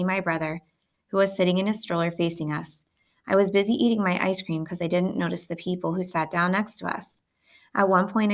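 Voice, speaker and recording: A woman's voice: lowish voice, a bit bright. A woman reading a novel aloud in plain first-person narration. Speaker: audiobook reader.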